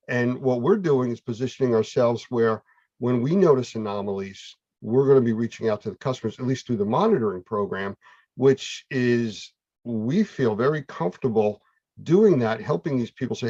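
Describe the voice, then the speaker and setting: A man's voice: medium pitch, brisk, warm tone, dry recording. Man with a dull, dry sound. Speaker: host. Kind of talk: casual online chat.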